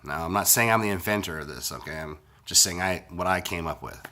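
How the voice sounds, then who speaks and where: Low-voiced sick man telling a crude story. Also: fairly quick, bright, forceful tone. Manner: rambling, profane, blunt. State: sick, congested voice. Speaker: vlogger.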